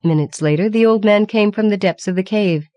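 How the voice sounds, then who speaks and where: A woman reading a fantasy audiobook in a measured, even storytelling manner. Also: mid-range voice, no echo. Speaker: audiobook reader. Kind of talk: scripted narration.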